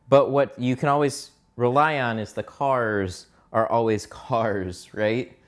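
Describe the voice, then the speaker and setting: Casual profane man chatting while working. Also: mid-range voice. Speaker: mobile window tint installer. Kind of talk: casual live-stream chat while working.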